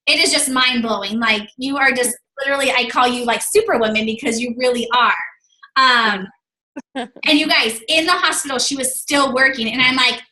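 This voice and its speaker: A woman's voice: high-pitched, fairly quick, bright, forceful tone, roomy sound, rough recording. A woman hosting a team video call, gushing and effusive with lots of fillers.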